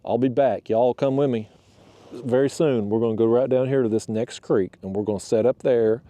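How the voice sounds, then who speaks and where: Man, warm and relaxed tone, casual fishing-vlog host speaking from his kayak on a camera mounted to the boat. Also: medium pitch, normal speed, dry recording, lo-fi sound. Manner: folksy and chatty, talks out loud to the fish. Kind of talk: casual on-the-water vlog talk. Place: outdoors on a kayak on a reservoir.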